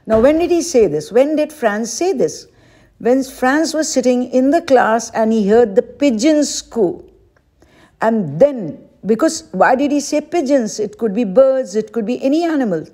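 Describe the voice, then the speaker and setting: A woman's voice: fairly high pitch, lively intonation, measured pace, warm tone. A woman teacher giving an exam-prep lesson, patiently repeating each question aloud as she explains it. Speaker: English teacher.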